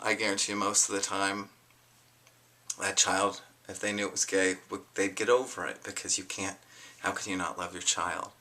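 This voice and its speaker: Bright ringing voice, young adult, raw personal testimony, impassioned, quiet-to-heated swings, swearing. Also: sits low, flat delivery, moderate pace. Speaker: vlogger sharing a personal story.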